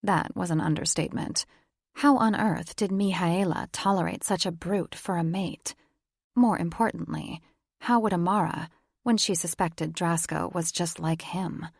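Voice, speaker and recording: A woman narrating a romance audiobook with a gravelly, fry-edged voice pitched a little low. Her delivery is measured and even. The sound is close and dry. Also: no room sound. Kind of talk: scripted narration.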